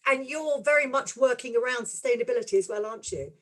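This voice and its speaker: A woman's voice: on the high side, fast, a bit bright. A woman hosting a webinar over a video call, friendly and loose, with frequent ums and restarts. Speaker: host, motorsport journalist.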